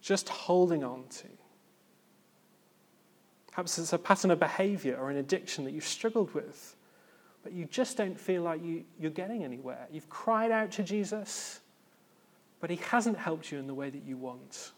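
A man preaching a sermon in an earnest, reflective way, with pauses and gentle emphasis. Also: a little high.

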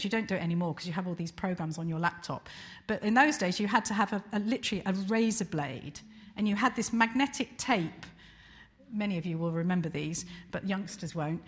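A woman in her sixties telling anecdotes to an audience, animated and self-deprecating, with frequent fillers. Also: mid-range voice. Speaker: speaker recounting her career.

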